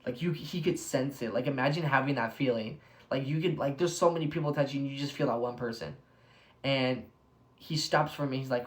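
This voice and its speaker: An enthusiastic young man talks through a Bible passage in a casual devotional, with a mid-range voice. He fills his talk with "like" and keeps getting carried away with excitement. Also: medium pitch, a little fast. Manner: excitable, heavy use of "like", bursts of enthusiasm. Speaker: devotional speaker.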